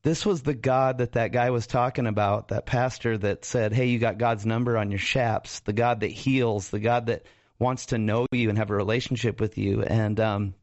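A man's voice: fairly low pitch, steady tone, normal speed, a little mellow, dry recording, highs cut off. A pastor and radio co-host telling his life story in a radio interview, laughing often and acting out the voices of people in it.

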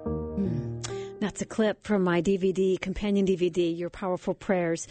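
A woman hosts a Christian radio show, warm and enthusiastic as she speaks to listeners. Her voice is low-ish and mellow. The sound is close and dry. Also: steady tone, moderate pace, dry recording, faint music behind. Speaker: radio host.

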